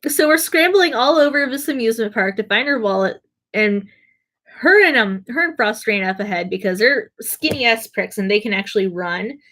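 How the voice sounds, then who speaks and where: Young woman streamer, mid-pitched, rambling and self-mocking, laughs through her stories. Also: expressive, normal speed, bright, forceful tone. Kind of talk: casual storytelling.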